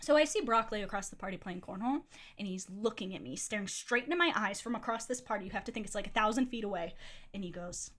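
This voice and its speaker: A woman's voice: mid-range voice, animated, quick pace, a bit bright. A young adult woman streamer telling a personal story in a candid, chatty way, swearing freely and filling with "like". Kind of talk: casual storytelling.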